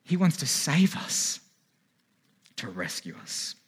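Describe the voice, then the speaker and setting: A man's voice: mid-range voice, big pitch swings, slow pace, breathy edge. A man preaching a sermon in a church, with earnest, pleading calls to turn to God. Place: church hall with a congregation.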